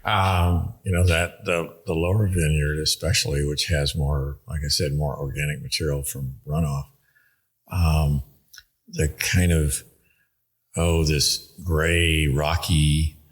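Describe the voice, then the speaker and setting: A man, a winemaker guest on a podcast, speaks in a measured, unhurried way with many pauses and ums. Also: a bass voice, flat delivery, slightly rough. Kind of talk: casual podcast conversation.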